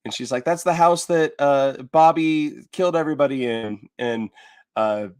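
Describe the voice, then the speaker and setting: A man co-hosting a podcast recaps movie scenes in casual, rambling chat, full of fillers and restarts. His voice sits at medium pitch with a clean, slightly mellow tone, and he talks at a moderate pace.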